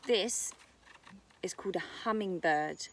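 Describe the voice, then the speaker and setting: A woman's voice: medium pitch, expressive, measured pace, a little hiss or hum. A British woman who teaches nursery, reading a picture book about birds to young children outdoors in a garden, using a sing-song storytime voice. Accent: British English.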